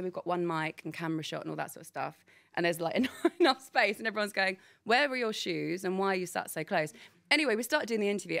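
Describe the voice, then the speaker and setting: A woman, telling animated stories in a casual podcast chat. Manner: animated, laughing, quotes people with big pitch jumps. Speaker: guest, sports presenter.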